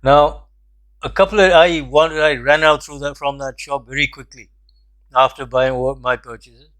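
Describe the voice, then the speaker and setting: A somewhat high-pitched older man tells a story from his past. He speaks in a measured, reflective way and pauses to make his point. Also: steady tone, fairly bright tone. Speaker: host. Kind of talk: storytelling commentary.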